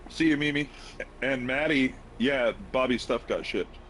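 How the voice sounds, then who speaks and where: A man's voice: medium pitch, moderate pace, a bit bright. A man co-hosting a chat, giving short, laid-back replies. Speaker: co-host. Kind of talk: casual chat. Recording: off-mic with background noise.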